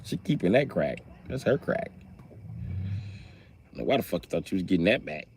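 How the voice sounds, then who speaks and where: Animated man telling stories on a livestream. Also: normal speed, a little hiss or hum. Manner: animated, acts out shouted characters in high strained voices. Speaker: livestream host. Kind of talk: comedic storytelling on a livestream.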